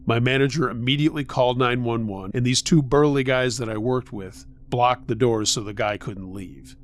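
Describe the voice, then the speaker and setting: A man with a mid-range voice reads a first-person scary story aloud. His delivery is measured and tense throughout. He draws the listener in the way a campfire storyteller would. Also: mid-range voice, a little hiss or hum. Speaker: horror story narrator.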